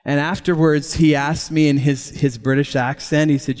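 A man preaching a sermon as pastor, lively and chuckling often as he talks. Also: a little high, moderate pace, few pauses. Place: church. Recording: long hall reverb.

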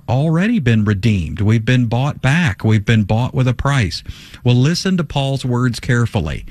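A man's voice: medium pitch, a little mellow, no room sound. Male radio Bible teacher, mid-range voice, emphatic and conversational, lots of rhetorical questions and fillers, dry close recording.

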